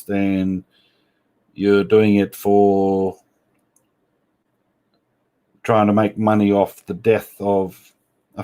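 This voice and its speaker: A man with a fairly low voice hosts a casual livestream. He chats with his viewers, reads their comments aloud and answers them with blunt, teasing banter. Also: mellow. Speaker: livestream host.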